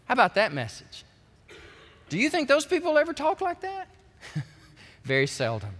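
Male pastor, high lively voice, bright tone, reverberant church sanctuary, folksy sermon delivery. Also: moderate pace. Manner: animated, folksy, acts out quoted voices. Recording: long hall reverb.

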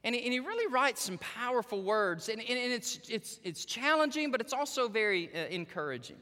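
Male pastor, sermon delivery, bright lively high voice, long hall reverb. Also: brisk. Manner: animated storytelling, addresses the women in the audience directly.

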